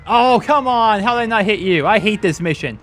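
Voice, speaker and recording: Chatty, lively-voiced young man gaming. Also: high voice, a little fast, soft background music. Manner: rambling, chatty, exclaims at the game. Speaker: gaming channel host. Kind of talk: casual let's-play commentary.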